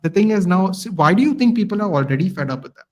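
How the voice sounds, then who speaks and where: Male podcast guest, fired-up casual rant, slightly higher voice. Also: quick pace, crowd noise, poor audio. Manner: animated ranting. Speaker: guest fan commentator.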